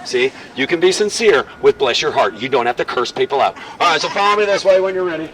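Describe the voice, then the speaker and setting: A man leading a walking tour outdoors, telling stories in a lively, joking way. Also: fairly high pitch, quick pace. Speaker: tour guide. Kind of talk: guided walking tour talk. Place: outdoors on a city street. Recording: distant outdoor mic, faint street noise.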